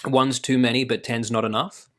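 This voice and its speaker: A man co-hosting a podcast, telling casual stories in an animated way. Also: medium pitch, moderate pace. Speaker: podcast co-host. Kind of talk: casual chat.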